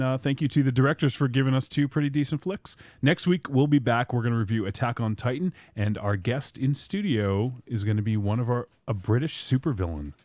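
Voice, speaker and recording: A man's voice: mid-range voice, a little mellow. A man hosting a podcast, wrapping up with a loose, jokey, swearing style of casual chat. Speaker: podcast host.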